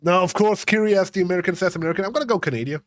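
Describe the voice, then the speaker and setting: A young man streams a game, chatting casually with his viewers in rambling live commentary and swearing freely. His high voice races along, recorded with no room sound.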